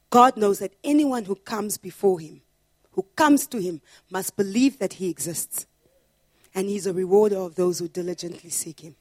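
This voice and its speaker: A woman pastor preaching a sermon in an earnest way, building to loud, emphatic repetitions. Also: mid-range voice, animated, moderate pace, dry recording, clean studio sound.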